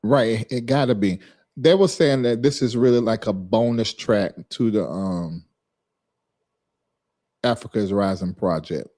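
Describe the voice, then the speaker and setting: A man with a fairly low, dark-toned voice speaks unhurriedly on a casual live stream. Chatting with viewers by name, he repeats a word again and again, drilling them on its pronunciation.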